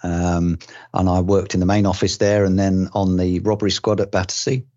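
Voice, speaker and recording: A man's voice: low-pitched, flat delivery, moderate pace, mellow, dry recording. An older man from England, a retired police detective, recalling his career in an interview with many ums, restarts and dry humour. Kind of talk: relaxed oral-history recollection. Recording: dull dry lo-fi recording.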